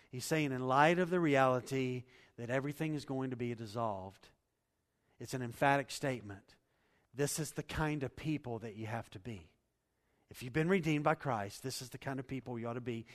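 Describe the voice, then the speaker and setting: A man preaching a sermon, moving between quiet teaching and loud, emphatic preaching. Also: medium pitch. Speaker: pastor. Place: church sanctuary. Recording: reverberant church hall.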